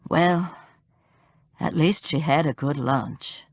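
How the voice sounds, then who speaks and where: A woman's voice: deep voice, takes it slowly, a little mellow, slightly rough, dry recording, clean studio sound, full character voice. A woman voicing an older woman, the narrator's plainspoken, matter-of-fact sister, in an audiobook.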